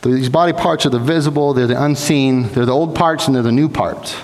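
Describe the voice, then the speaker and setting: A man's voice: mid-range voice, a little fast, a little mellow, slight background noise. A young man preaching a sermon in a church sanctuary, earnest and exhorting, sometimes restarting his words. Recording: long hall reverb.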